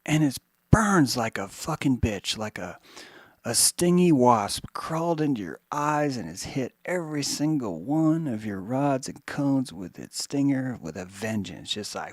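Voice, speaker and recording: A man hosting a podcast, rambling in a monologue that swings from hushed musing to mocking put-on voices, with some swearing. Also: mid-range voice, lively intonation, measured pace, dry recording, studio quality. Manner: profane. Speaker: podcast host.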